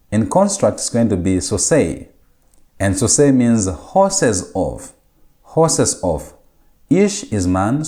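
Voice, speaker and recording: A man giving a recorded grammar lecture, patient and explanatory, slowly repeating key words for emphasis. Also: fairly low pitch, mellow.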